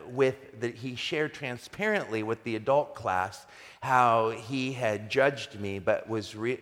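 A man's voice: medium pitch, a bit bright. A middle-aged pastor telling a story in a sermon, conversational and funny, growing emphatic as he preaches. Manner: conversational, humorous storyteller who grows emphatic when preaching. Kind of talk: sermon told as a personal story. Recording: long reverb of a large hall.

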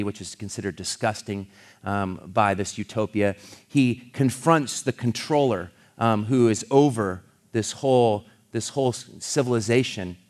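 A middle-aged man from California, a pastor, telling a story in a sermon, earnest and halting, with frequent restarts, and he swells louder as he builds a point. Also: medium pitch.

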